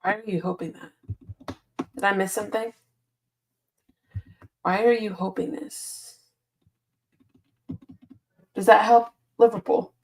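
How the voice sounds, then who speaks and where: A woman's voice: mid-range voice, steady tone, slow, long pauses. A woman hosting a casual live stream, reading viewer comments aloud and answering them with frequent laughs, sleepy and yawning. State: sleepy, yawning early in the morning. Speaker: football channel host reading live chat.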